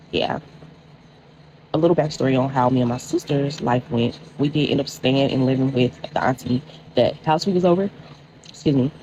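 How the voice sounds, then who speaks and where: A woman's voice: rumbling low, mellow, highs cut off, a little hiss or hum. A young woman telling a personal storytime casually, talking straight to viewers with lots of filler words. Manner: chatty, addresses viewers as y'all, many likes.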